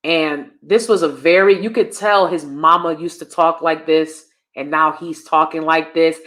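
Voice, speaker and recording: A woman's voice: low voice, moderate pace, hardly any pauses, fairly bright tone. A woman in her thirties hosting a live stream, giving blunt, emphatic and sassy commentary to her audience. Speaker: host.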